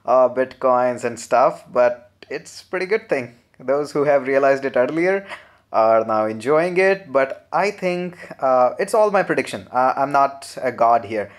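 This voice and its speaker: A young man with an Indian English accent answering viewer questions in a relaxed, chatty live Q&A, full of "uh" fillers. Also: mid-range voice, unhurried. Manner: relaxed, chatty, frequent "uh" fillers, laughs often. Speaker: programming channel host. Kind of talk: live Q&A, reading viewer comments.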